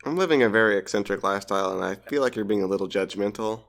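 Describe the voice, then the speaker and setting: Chill guy co-hosting a podcast, lowish voice, dry jokes. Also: rapid-fire, fairly bright tone. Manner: laid-back, dry humor. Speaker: podcast co-host. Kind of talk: casual podcast chat.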